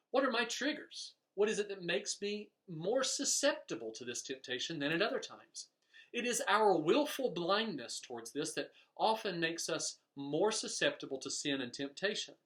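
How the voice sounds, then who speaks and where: Animated storytelling preacher, a man. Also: sits high. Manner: storytelling preacher, animated, voices quoted characters. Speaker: pastor. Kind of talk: sermon.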